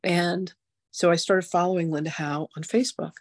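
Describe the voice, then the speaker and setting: A woman in her sixties hosting a spiritual masterclass, telling her story in a chatty, animated way full of "like" and "you know". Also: lowish voice, moderate pace, dry recording, clean studio sound. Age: 60s. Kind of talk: casual personal storytelling.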